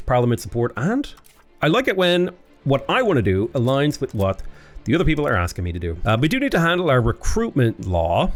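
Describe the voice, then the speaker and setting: A man chatting his way through a strategy game as a YouTuber, rambling and breaking off mid-sentence. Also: medium pitch. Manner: chatty, rambling, self-interrupting.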